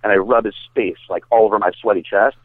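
A man's voice: lowish voice, steady tone, fast, no echo. A man, a bodybuilder guest, telling a story in a casual, rambling way, full of fillers and swearing. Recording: dry, tinny phone-like sound.

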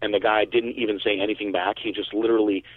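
A man from Connecticut telling stories in a casual, animated way, with many fillers and some swearing. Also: on the low side, fast. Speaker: guest storyteller. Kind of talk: casual storytelling. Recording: tinny phone-like line.

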